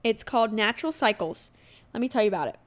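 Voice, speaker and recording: A young woman in her twenties talks straight to her listeners in a relaxed, candid podcast chat, her voice sitting a little high. She keeps up a chatty storytelling flow and slips into lively voices when she quotes herself and others. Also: quick pace. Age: 20s. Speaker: podcast host. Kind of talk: casual solo podcast chat.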